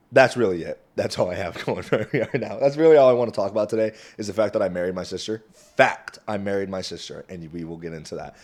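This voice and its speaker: Rambling young man, swearing and loud. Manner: rambling, swearing, swings from low mutters to loud outbursts. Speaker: vlogger. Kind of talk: casual rambling monologue. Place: small home room.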